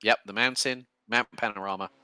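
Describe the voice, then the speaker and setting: A man commentating a sim racing broadcast, calling the action quickly with casual fillers between remarks. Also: fairly low pitch, clean tone. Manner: fast, excitable play-by-play with fillers.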